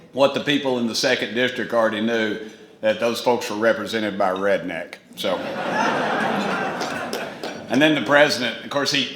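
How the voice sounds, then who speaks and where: A man's voice: fairly low pitch, fairly bright tone. A man with an East Tennessee accent giving a folksy, rambling, self-mocking dinner speech as a congressman. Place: banquet hall. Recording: echoey hall, faint room noise.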